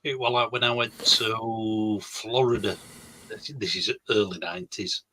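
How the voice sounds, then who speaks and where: An older man with a Yorkshire accent, talking in a halting, casual chat as a livestream co-host. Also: lowish voice, fairly even intonation, pushed and bright, rough recording. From Yorkshire, England.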